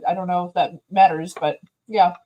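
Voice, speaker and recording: A woman's voice: lowish voice, fairly even intonation, normal speed, muffled recording. A woman co-hosting a casual chat show, laughing and poking fun at herself. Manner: self-deprecating, laughs.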